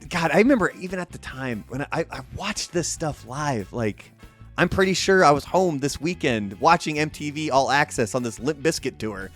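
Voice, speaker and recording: A man whose voice is on the high side talks at normal speed over soft background music. He's hosting a casual podcast, animatedly telling a profane story and acting out the lines he quotes.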